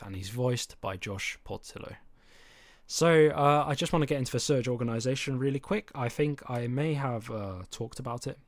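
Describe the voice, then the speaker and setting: A man's voice: medium pitch, moderate pace, dry recording. A man hosting a casual livestream as a series creator, presenting in a chatty, upbeat way. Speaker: series creator and stream host.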